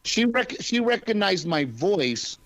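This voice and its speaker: Male comic guest, quick joking delivery, upper voice, dry studio feel. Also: high voice, sing-song, fairly bright tone, no echo. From Texas. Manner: quick, joking, restarts often. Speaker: stand-up comedian, guest. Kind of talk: casual interview chat.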